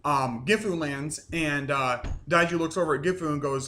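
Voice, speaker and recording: A man's voice: fairly high pitch, moderate pace, bright, forceful tone. Rambling man recapping a show. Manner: rambling, loose, swears casually, many fillers. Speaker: reviewer. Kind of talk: casual episode recap. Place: home.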